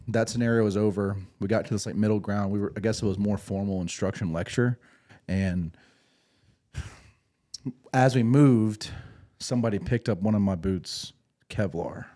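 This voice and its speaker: A man with a low, mellow voice tells old service stories on a podcast in a loose, rambling way, swearing freely and restarting sentences. His tone stays dark and relaxed throughout. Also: moderate pace. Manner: laid-back, rambling, profane, with restarts. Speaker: podcast host, former infantry Marine. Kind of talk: casual storytelling.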